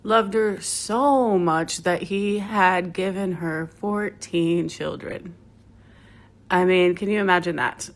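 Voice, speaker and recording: A woman's voice: on the low side, takes it slowly. A woman telling a story in a casual, rambling way, with asides to the listener. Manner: chatty, rambling, with many fillers and asides. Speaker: yoga teacher.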